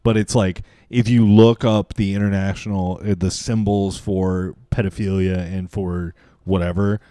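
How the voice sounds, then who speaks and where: A man's voice: deep voice, level tone, unhurried, warm tone, no echo, clean studio sound. A young man co-hosting a casual late-night podcast, rambling through stories, swearing and acting out quotes. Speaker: podcast co-host.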